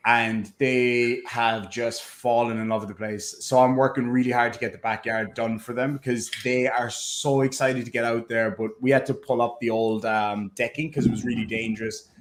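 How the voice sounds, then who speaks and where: A man with an Irish accent worn down by years away, chatting casually as a podcast co-host and telling lively stories. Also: medium pitch, moderate pace, few pauses. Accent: Irish, softened by living in America. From Ireland. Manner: chatty storyteller, animated, slipping into impressions. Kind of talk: casual chat.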